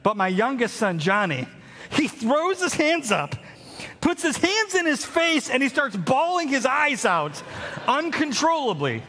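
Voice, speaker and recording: A man's voice: very high-pitched, big pitch swings, unhurried, sharp tone. A man, preaching a sermon as pastor in a conversational storytelling way. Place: large church hall. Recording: hall reverb.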